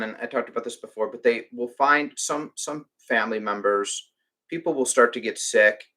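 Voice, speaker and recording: On his live stream, the man behind a reptile rescue talks casually and rants, stumbling through restarts and filler words. He speaks in a mid-range voice with a bright, forceful tone.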